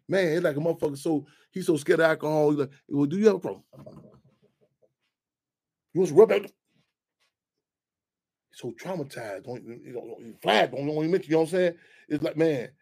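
Middle-aged radio host, high voice, animated, heated, swears freely. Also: male voice, husky. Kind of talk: casual talk radio monologue.

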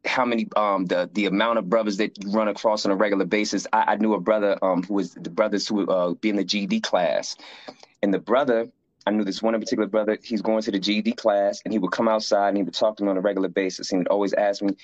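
A man's voice: fast talker, dry recording. A man telling stories in conversation as a guest, acting out the voices of the people he quotes. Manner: lively, acts out quoted voices higher. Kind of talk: conversational storytelling. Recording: dry, slightly dull lo-fi sound.

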